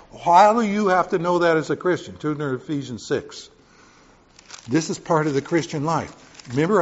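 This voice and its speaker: Emphatic male preacher, lo-fi recording. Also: a little high. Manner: folksy, swings from loud emphatic points to quiet asides. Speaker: pastor. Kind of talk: sermon.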